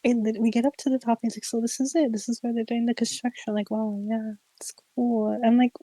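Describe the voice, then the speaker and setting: A young woman streamer casually telling a ghost story, animated and giggly, full of "like" fillers. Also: on the high side, fast talker, no echo, poor audio. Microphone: streaming mic.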